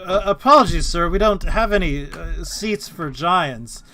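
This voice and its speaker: A nervous, stammering tavern server woman, apologetic and flustered, as a man puts her on. The voice is pushed up in pitch and bright, clearly louder than his narration. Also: a little slow, exaggerated voice.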